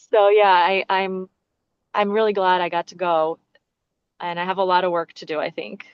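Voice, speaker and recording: A woman's voice: on the low side, flat delivery, a little slow, pauses often, clear, resonant tone, dry recording, muffled recording. A woman sharing her experience in a casual group chat, earnest and hesitant with many ums. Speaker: participant.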